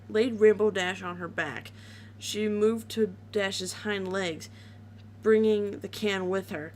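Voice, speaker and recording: A woman's voice: mid-range voice, a little hiss or hum. A woman reading a horror story aloud in a casual way, with small slips and restarts.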